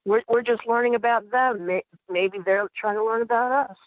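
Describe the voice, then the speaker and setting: A woman calling in as a paranormal investigator guest on a radio show, talking chattily with many halting restarts. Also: fairly high pitch, fairly even intonation, dry recording. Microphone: telephone. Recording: tinny phone line.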